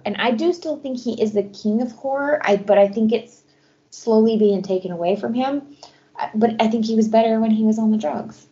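A woman's voice: on the high side, moderate pace, warm tone. Opinionated woman podcaster, dull sound. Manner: blunt, opinionated. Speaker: podcast co-host. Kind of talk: casual book chat.

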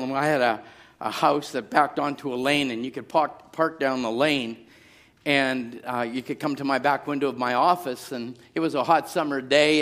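A middle-aged pastor preaching a sermon, moving from quiet storytelling to shouted exhortation. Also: male voice, mid-range voice.

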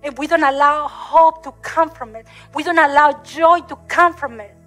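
Woman preacher, high and bright, English, repetitive emotional sermon cadence, faint music under. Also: moderate pace, rough recording.

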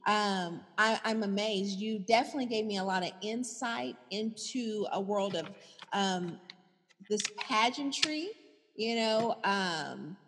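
A woman's voice: mid-range voice, slow pace, a bit bright, husky, long reverb tail. A woman hosting an interview, speaking casually and effusively, with frequent exclamations of amazement. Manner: effusive, exclamatory, lots of wows. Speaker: talk show host.

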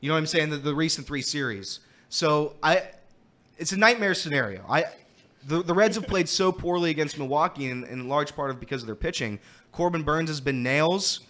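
A man's voice: a little high, brisk. A man guest-hosting a casual sports talk show, telling stories with lots of laughter and complaining of a throat thing. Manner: animated storyteller, laughing often. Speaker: guest host. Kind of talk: casual sports radio chat.

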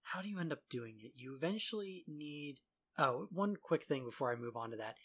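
A man's voice: a little high, lively intonation, brisk, fairly bright tone, slightly rough. A man in casual chat about a video game, sarcastic and laughing often as he mocks the characters' lines.

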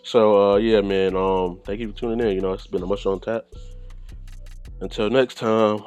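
A man's voice: on the low side, fairly even intonation, normal speed, a little mellow, smooth, muffled recording, soft background music. A man hosting a solo podcast, rambling in loose, profane casual chat and laughing often. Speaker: podcast host.

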